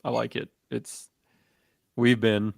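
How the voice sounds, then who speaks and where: A man co-hosting a sports podcast, rambling in a relaxed way with lots of fillers and restarts. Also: mid-range voice, slow pace, creaky, no echo. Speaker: podcast co-host. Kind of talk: casual sports chat.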